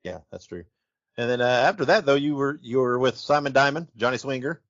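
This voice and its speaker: Male host, rapid halting questions, muffled lo-fi sound. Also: medium pitch, animated, fairly bright tone, no room sound. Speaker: podcast host. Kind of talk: interview questions. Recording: dull lo-fi, dry.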